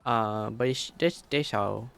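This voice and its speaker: A man's voice: medium pitch, slow, vocal fry, a bit bright, clean tone. A man streaming casually, tired, rambling and swearing while he talks about games and his code. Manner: rambling, swears, laughs a lot.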